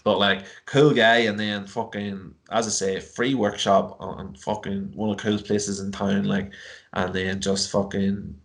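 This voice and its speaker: A man's voice: lowish voice, flat delivery, a little slow, creaky, fairly bright tone. An Irish man from Ireland, a podcast guest on a video call, telling a long story in casual chat, swearing freely and full of fillers.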